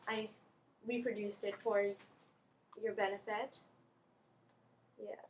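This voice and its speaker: Animated young woman telling a story. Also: on the high side, takes it slowly, long pauses, slight background noise. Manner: animated, squeals and laughs at her own story. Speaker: vlogger. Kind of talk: casual storytelling.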